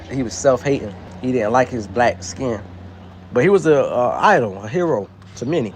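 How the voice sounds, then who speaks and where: A man's voice: mid-range voice, no echo. Profane ranting man on a phone. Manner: loud, profane, preachy and emphatic. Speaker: livestream host. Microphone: phone held in hand.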